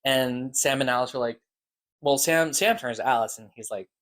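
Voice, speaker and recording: A man's voice: mid-range voice, normal speed, fairly bright tone. Rambling man recapping a podcast. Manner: rambling, loose, lots of "like" and "uh". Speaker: podcast reviewer. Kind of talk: casual episode recap.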